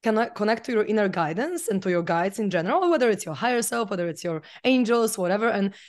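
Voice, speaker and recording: A woman's voice: medium pitch, expressive, fast, a little mellow. A woman, a podcast guest telling a personal story in a chatty way, full of fillers. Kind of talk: casual interview storytelling.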